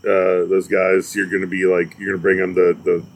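A man's voice: sits low, completely flat delivery, brisk. A man co-hosting a podcast in casual chat, trading dry, wry banter. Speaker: podcast co-host.

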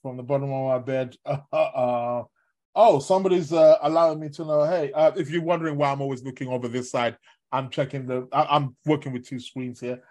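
A man hosting an astrology show live from his bed while ill with covid, rambling and chatty with lots of fillers and shout-outs to listeners. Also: medium pitch, fairly even intonation, fairly quick. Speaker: astrology podcast host. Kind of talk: casual live-stream talk.

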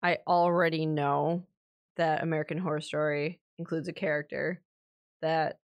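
A young woman co-hosting a podcast, talking casually and excitably with lots of fillers and swearing. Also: deep voice, moderate pace, clear, resonant tone. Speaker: podcast co-host. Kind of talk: casual chat.

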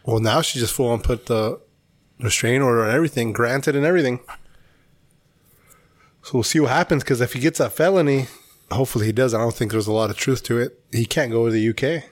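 A man co-hosting a casual podcast chat, relaxed and matter-of-fact. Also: medium pitch, fast talker, dry recording. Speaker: podcast co-host.

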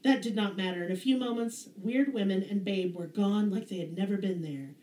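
A woman podcast host with a Southern US twang, telling a story in a sarcastic, profane, animated way. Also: medium pitch, brisk. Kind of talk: casual storytelling chat. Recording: roomy echo.

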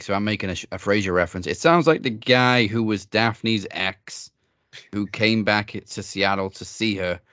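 A man's voice: on the low side, a bit bright, dry recording. A British man co-hosting a podcast in casual chat, wry and chatty. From Britain. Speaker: podcast co-host.

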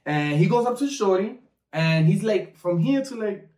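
A man's voice: sits high, lively intonation, normal speed, a little mellow, far from the mic. A man telling a wild night-out story in casual chat, laughing and acting out his friends' lines. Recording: roomy and a bit off-mic.

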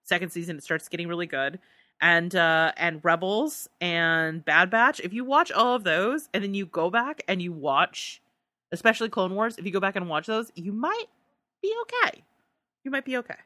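A woman's voice: lowish voice, normal speed, sharp tone, no room sound. A woman co-hosting a podcast in casual chat, reading listener answers aloud and laughing often. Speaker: podcast co-host.

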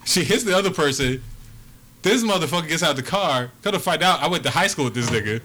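Bright-voiced young man telling a wild story. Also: a little high, quick pace, a little hiss or hum. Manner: profane, animated, acts out quotes. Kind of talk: casual storytelling among friends.

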